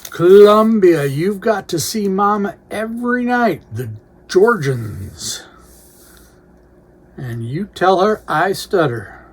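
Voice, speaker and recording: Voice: medium pitch, big pitch swings, takes it slowly. Collector unpacking a box of records, reads titles off one by one, little asides, faint noise behind. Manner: reads out record titles with brief musing remarks. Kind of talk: casual unboxing commentary.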